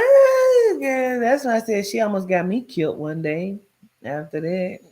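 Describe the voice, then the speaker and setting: A woman telling her own life story in a blunt, profane way, with many "like" fillers, swinging between loud emphasis and hushed tones. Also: medium pitch. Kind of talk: candid personal storytelling.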